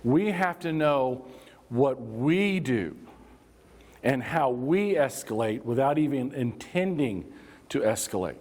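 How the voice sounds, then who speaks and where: A man teaching a room full of staff, loose and conversational, tossing questions to the crowd and acting out little scenes. His voice sits at an ordinary middle pitch. The sound rings out with a long hall reverb. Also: expressive, slow pace, a little mellow. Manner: conversational, engages audience with prompts and acted examples. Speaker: workplace safety trainer. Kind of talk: live training workshop talk.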